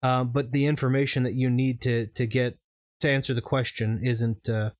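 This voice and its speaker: A man's voice: mid-range voice, flat delivery, normal speed. A man from the southern United States with no regional accent, chatting casually in a rambling, discursive way while co-hosting a gaming stream. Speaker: gaming channel co-host. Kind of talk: casual chat over gameplay.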